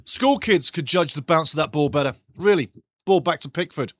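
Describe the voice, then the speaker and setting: Excitable, foul-mouthed male football watch-along host. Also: a little high, moderate pace, no room sound, clean studio sound. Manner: excitable, blunt and foul-mouthed, swearing freely; bursts louder at big chances. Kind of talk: casual live football commentary and chat reading.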